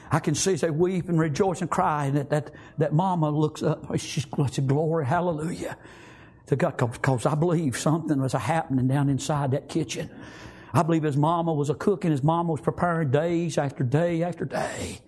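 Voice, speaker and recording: A man's voice: fairly high pitch, darkish tone, slightly rough. A man preaching a sermon as a story, fervent and repetitive, punctuating it with amens and praise.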